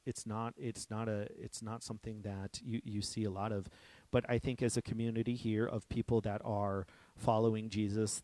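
A man's voice: fairly low pitch, darkish tone, no echo. Candid rambling man preaching, dry sound. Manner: candid, self-deprecating, rambling with restarts. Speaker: pastor. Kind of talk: conversational sermon.

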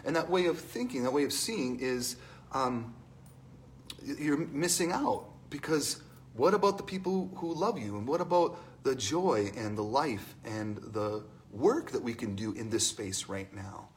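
A man preaching a conversational sermon in an animated, storytelling way, asking the congregation questions. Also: mid-range voice, a little slow, slight background noise.

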